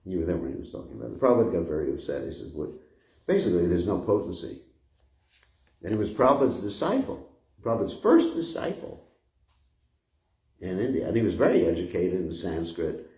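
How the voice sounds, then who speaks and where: Older man, low dark voice, echoey room. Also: very animated, quick pace. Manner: rambling and conversational, chuckling often. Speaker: spiritual teacher giving a class. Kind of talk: informal scripture class.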